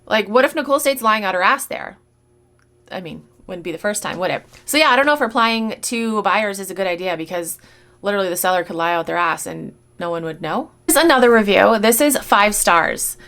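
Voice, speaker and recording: A woman's voice: medium pitch, expressive, brisk, fairly bright tone. Blunt, swearing woman reseller vlogger. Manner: blunt, swears freely, exasperated. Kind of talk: casual rant commentary.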